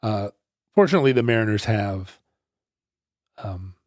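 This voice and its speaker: A man's voice: lowish voice, animated, moderate pace, darkish tone, no room sound, studio quality. A man co-hosting a podcast, telling rambling stories in casual chat with many restarts. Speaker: podcast co-host.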